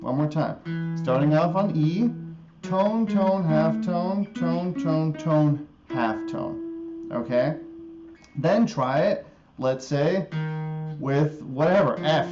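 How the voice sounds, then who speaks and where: A man teaching guitar music theory in a live stream, slowly repeating a scale formula and often checking in with an "okay?". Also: a little high, muffled recording. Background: guitar playing.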